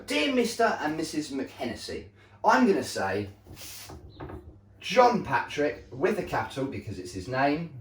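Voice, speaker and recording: A male primary school teacher giving a slow, deliberate recorded lesson to young children, often checking in with "okay?". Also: mid-range voice, a little hiss or hum. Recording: echoey room, voice a bit far from mic.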